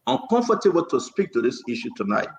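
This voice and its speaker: Fiery man, high lively voice. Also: quick pace, vocal fry, reverberant, lo-fi sound. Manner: impassioned, talks over others, repeats for emphasis. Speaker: talk show host. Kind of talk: heated political call-in talk.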